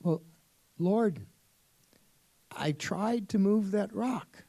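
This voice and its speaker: A man's voice: high-pitched, extremely slow, gravelly, warm tone, no room sound, pitched above the performer's own voice, full character voice. A man voicing a distraught, pleading ordinary man who stammers as he explains himself. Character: anxious, pleading adult man.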